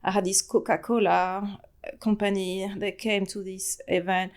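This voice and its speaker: A woman in her forties with a French accent, a guest telling stories in a casual interview, animated and quick to laugh. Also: mid-range voice. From France. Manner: animated storytelling with frequent laughs and fillers. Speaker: podcast guest.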